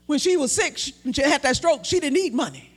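A man preaching a sermon, shouting and stretching out words for emphasis and acting out the people in his story. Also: very high voice, expressive. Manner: shouting, drawn-out emphatic preaching with acted-out voices.

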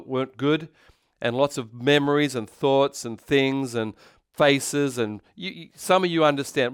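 A man with an Australian accent, a pastor preaching a sermon in a conversational, energetic way with many restarts. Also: mid-range voice, clean tone, no echo, clean studio sound.

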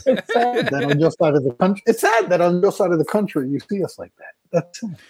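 A man talking thoughtfully about acting, often pausing and restarting his sentences. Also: high-pitched, animated, a little mellow, husky, no echo. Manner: thoughtful, halting, many restarts and fillers. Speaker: actor being interviewed. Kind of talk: casual conversation.

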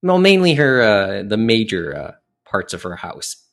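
A man's voice: on the low side, very animated, unhurried, a bit bright. Rambling male podcast host. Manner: rambling, with frequent fillers and restarts. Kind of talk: casual podcast chat.

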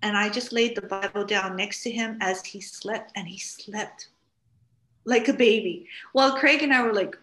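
A middle-aged woman from Hawaii, appearing as a guest on a talk show, tells stories in a casual way at a normal pace with a mid-range voice. She's animated and acts out what people said. The studio has a roomy echo.

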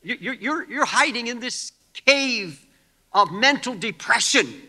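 A man preaching a sermon to a congregation, fervent, moving from quiet talk to shouting. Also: very high-pitched, animated, takes it slowly. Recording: long hall reverb.

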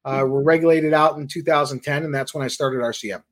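Animated man telling trading stories. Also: fairly high pitch. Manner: animated anecdotes, quick asides. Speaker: guest, trading firm founder. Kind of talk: casual storytelling.

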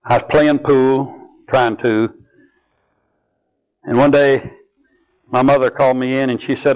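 An older man preaching a sermon and telling personal stories, slow and earnest, dropping soft and low on key lines. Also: flat delivery. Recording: dull lo-fi recording.

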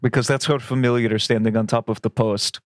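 Guy voicing a polite fumbling gentleman, plain mid voice, super dry. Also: mid-range voice, fairly even intonation, fairly quick, dry recording, lightly acted. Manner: polite and hesitant, many fillers. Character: courteous young gentleman, polite and uneasy.

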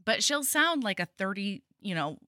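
A woman's voice: medium pitch, normal speed, no room sound, clean studio sound. A woman co-hosting a podcast, casually recapping a novel and acting out the characters' lines. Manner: animated, acts out characters' lines with laughs. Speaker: podcast co-host. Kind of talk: casual book recap chat.

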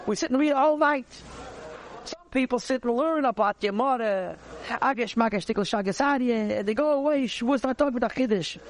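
A man, teaching a conversational Torah class, animated and repeating phrases as he searches for words. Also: very high voice, brisk.

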